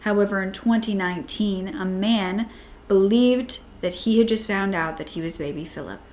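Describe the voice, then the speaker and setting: True crime host: a woman reading scripted narration at a mid pitch, with rhetorical questions. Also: moderate pace, a little mellow.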